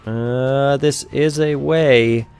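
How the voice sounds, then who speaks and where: A man's voice: medium pitch, fairly even intonation, drawn-out words, darkish tone, faint music behind. A young man giving rambling, offhand let's-play commentary over a video game, swearing casually. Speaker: gameplay commentator.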